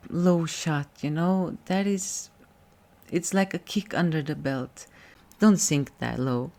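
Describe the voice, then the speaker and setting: A reaction video host giving reflective, measured commentary. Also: medium pitch, darkish tone.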